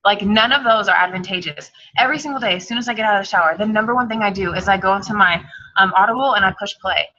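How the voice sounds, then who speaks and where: A woman's voice: medium pitch, fast, sharp tone, muffled recording. A woman giving an emphatic, hyped motivational talk on a team call, repeating her points. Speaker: team coach.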